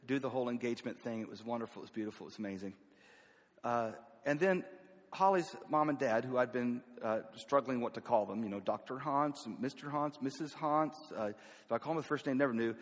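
A man's voice: mid-range voice, fairly quick, long reverb tail. A man from North Carolina with a Southern accent, telling personal stories in a folksy, self-deprecating way. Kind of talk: personal storytelling.

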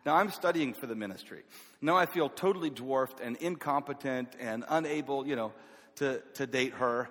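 Southern man, North Carolina roots, middle-pitched, telling a folksy story in a big reverberant hall. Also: moderate pace, a bit bright. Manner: folksy, self-deprecating, with laughs. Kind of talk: personal storytelling.

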